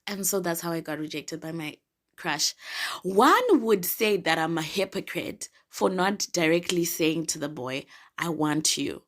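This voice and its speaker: A woman's voice: on the low side, expressive, measured pace, a bit bright. A young woman from Zimbabwe hosting a podcast, telling a personal story in a playful, giggly, dramatic way that drops now and then into whispers. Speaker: podcast host. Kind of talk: casual storytelling monologue.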